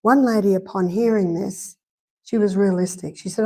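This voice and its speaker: Mellow-voiced Australian woman lecturing. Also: mid-range voice, steady tone, normal speed, low-quality recording. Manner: conversational, repeats points for emphasis, tells anecdotes. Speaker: health lecturer. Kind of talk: live health lecture. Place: church hall.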